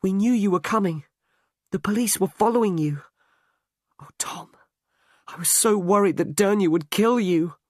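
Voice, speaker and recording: Man voicing a young heroine, raised pitch, quick and eager, dry read. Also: no echo. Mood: relieved. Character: young woman, anxious then relieved heroine.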